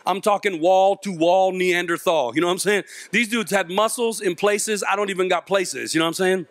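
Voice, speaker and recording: A man with a fairly high speaking voice tells a comic story on stage to a live audience. He is animated and self-mocking, and he acts out the voices of the people in his tale. The sound is dry and close. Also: brisk, no echo. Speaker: youth mentor and speaker.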